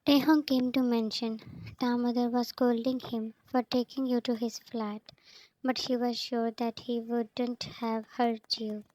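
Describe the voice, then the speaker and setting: A woman reads a fanfiction story aloud, naming each speaker before their lines. Her fairly high, slightly mellow voice moves at an unhurried, slow pace and stays level with little rise and fall. The audio is poor but has no echo.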